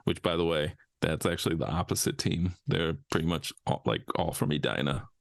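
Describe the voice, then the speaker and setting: A man's voice: very deep voice, a little fast, creaky, dry recording. A young man from Minnesota hosting a casual podcast, joking, laughing often and swearing casually. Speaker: podcast host.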